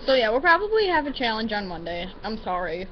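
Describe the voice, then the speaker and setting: A woman's voice: fairly high pitch, big pitch swings, fast. A teenage girl vlogging with a friend, joking around and bossing her into doing silly accents. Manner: silly, bossy, giggly. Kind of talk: casual chat with a friend. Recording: dull lo-fi home video.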